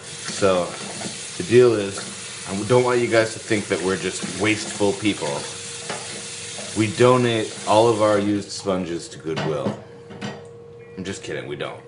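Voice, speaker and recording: A man's voice: on the low side, unhurried, pauses often, noisy background. A man hosting a podcast, chatting casually in a goofy, joking way. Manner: goofy, joking, sing-song bits. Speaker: podcast host. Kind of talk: casual comedic chat.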